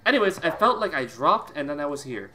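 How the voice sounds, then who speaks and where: A man's voice: a little high, very animated, fast, crowd noise. A man voicing a flamboyant young British man with a British accent, polite and rambling.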